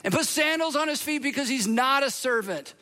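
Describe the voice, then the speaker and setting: A man's voice: very high-pitched, expressive, fairly quick, sharp tone, pitched above the performer's own voice, exaggerated voice. A man acting as an overjoyed, urgent father. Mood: urgent joyful. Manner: urgent, emphatic commands. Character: overjoyed, tender older father welcoming his son.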